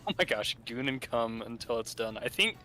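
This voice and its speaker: Man, co-host, laid-back, joking, bright voice, faint music behind. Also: medium pitch, animated, normal speed. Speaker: co-host on stream. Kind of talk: casual gaming stream chat.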